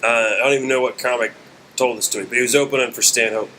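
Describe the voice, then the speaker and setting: A man from West Virginia hosting a podcast, telling comedy stories in a dry, deadpan way. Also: mid-range voice, fast, slight background noise. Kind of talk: casual storytelling.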